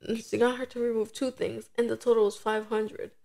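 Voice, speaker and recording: A young woman in her twenties chats on a podcast, and her voice sits a little high. She tells her story with energy and acts out what each person said in quick quoted voices. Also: flat delivery, creaky, warm tone. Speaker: podcast co-host. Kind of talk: casual chat.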